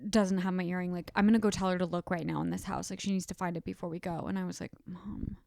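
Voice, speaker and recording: A woman's voice: fairly low pitch, little pitch movement, fast talker, gravelly, darkish tone, no echo, studio quality. A young woman co-hosting a podcast in casual chat, adding details and correcting the other teller. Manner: chatty, adds detail, cuts in to correct. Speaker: podcast co-host.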